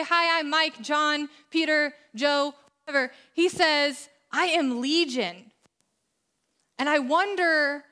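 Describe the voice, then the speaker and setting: Bright high-voiced woman pastor preaching. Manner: conversational, acts out quick quoted voices. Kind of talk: sermon.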